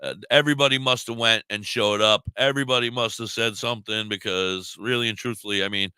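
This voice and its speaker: A man's voice: lowish voice, steady tone, a little fast, sharp tone, clean tone, no room sound. A man co-hosting a radio talk show in casual banter, rambling and blunt. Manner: rambling, blunt, cheers and swears. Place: radio studio.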